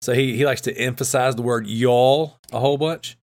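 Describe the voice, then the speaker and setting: Man, podcast host, casual rambling chat, lots of uh and like, mid pitch. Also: steady tone, moderate pace, darkish tone. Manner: rambling, laughs often, many fillers.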